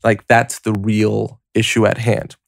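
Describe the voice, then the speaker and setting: This podcast host has a lowish voice with some vocal fry, speaking at a measured pace in a clean, echo-free studio. His motivational talk is lively and casual, full of "like" and "you know," and he lays out each step while addressing the listener head-on.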